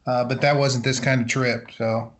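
A man's voice: mid-range voice, flat delivery, moderate pace. A man co-hosting a podcast in easygoing casual chat, often laughing. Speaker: podcast co-host.

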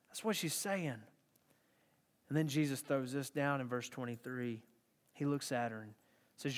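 A man preaching a sermon, emphatic and repetitive, moving from hushed to intense. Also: a little high, moderate pace. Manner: emphatic, repeating phrases, swinging from hushed to intense.

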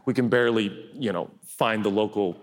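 A man preaching a sermon as a pastor, animated, acting out quotes with big leaps in pitch and loudness. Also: normal speed. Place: church hall. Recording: long reverb of a large hall.

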